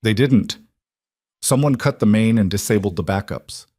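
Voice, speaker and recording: A man's voice: lowish voice, moderate pace, dark tone, dry recording, clean studio sound, lightly acted. A man reading a commanding male mafia boss who gives clipped, urgent orders. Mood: tense.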